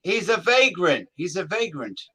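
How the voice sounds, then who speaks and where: A man's voice: sits high, sing-song, measured pace, crowd noise. A man hosting a casual chat who chimes in with short remarks.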